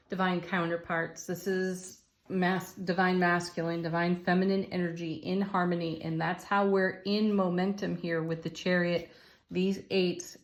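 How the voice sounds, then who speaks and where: A woman giving an intuitive tarot card reading to her viewers, soothing and encouraging, with soft laughs. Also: on the low side. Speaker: tarot reader.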